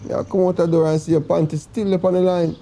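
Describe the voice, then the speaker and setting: A man's voice: on the high side, flat delivery, creaky, warm tone, a little hiss or hum. A man playing a pleading Jamaican boyfriend. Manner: pleading, drawn-out, dramatic. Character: pleading remorseful boyfriend begging to come home. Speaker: actor in comedy sketch. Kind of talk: comedy sketch acting, phone call.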